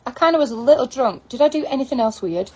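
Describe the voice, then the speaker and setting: A woman reading funny posts and signs aloud, breaking into high wheezing laughter between lines. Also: fast, a little hiss or hum. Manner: reads lines deadpan then cracks up. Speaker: comedy video creator.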